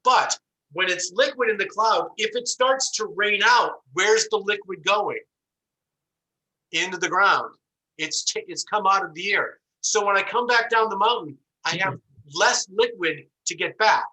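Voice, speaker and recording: A man lectures to an online class through a computer microphone. His voice is sharp and bright and sits a little high. He tells an animated story and acts out the voices in it. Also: unhurried, low-quality recording. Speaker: instructor.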